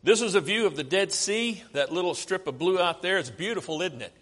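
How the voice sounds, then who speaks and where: American preacher in a reverberant hall. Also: male voice, sits high, animated, a little fast, a bit bright. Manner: conversational, asks the audience questions. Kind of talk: sermon with slide tour.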